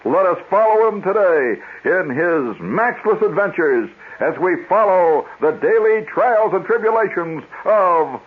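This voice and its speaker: A grand, booming old-time radio announcer, as a man puts him on, calling out with drawn-out, echoing cries. His husky voice swings widely in pitch. It comes through a muffled, lo-fi 1970s broadcast. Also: expressive, full character voice. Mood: grandiose.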